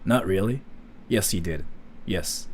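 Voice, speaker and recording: A man's voice: deep voice, unhurried, a little hiss or hum. A man chatting casually while he reacts to a video, rambling with lots of fillers and questions.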